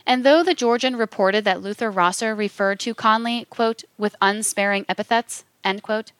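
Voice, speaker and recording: Woman, documentary narrator, measured formal reading, mid pitch, dry close sound. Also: fairly bright tone, clean tone, no echo. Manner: measured, reads quotations aloud with formal announcements.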